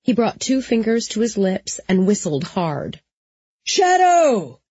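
A woman narrating an audiobook in a steady, even storytelling manner. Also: mid-range voice, unhurried, slightly rough, dry recording, muffled recording.

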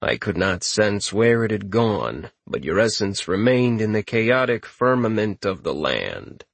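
A man voicing a calm spirit remnant in a flat, deadpan, low voice. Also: a little slow, creaky, no room sound, full character voice.

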